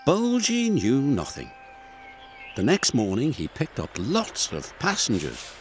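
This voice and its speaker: A British man narrating a children's storybook with warm, expressive telling. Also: medium pitch, slow pace. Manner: warm, expressive storytelling with many character voices. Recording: studio voice-over with music underneath.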